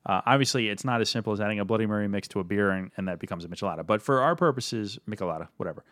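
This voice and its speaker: Casting: male co-host, lowish voice, quick rambling delivery, casual and profane, dry room. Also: fairly bright tone, dry recording. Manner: rambling, self-correcting, profane. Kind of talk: casual tasting chat.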